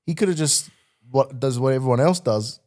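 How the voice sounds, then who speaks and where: A man co-hosting a podcast in casual chat, relaxed and agreeable, laughing along. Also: medium pitch, fairly quick.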